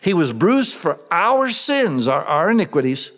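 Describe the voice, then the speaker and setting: A man's voice: on the high side, very animated, a little slow, fairly bright tone, in a large hall. A man preaching a sermon, reading Bible verses aloud and then explaining them in plain, everyday words. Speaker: pastor.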